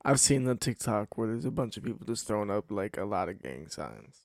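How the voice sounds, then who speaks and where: A man's voice: on the low side, sing-song, brisk, gravelly, darkish tone, dry recording, studio quality. A man on a podcast, chatting in a laid-back, slangy way. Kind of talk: casual chat.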